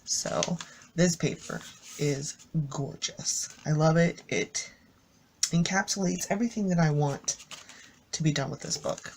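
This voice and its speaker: This craft YouTuber shows off a handmade craft journal in a casual show-and-tell, chatty and enthusiastic as she rambles with fillers and corrects herself. Her voice is low and a bit dark, with a little hiss or hum underneath.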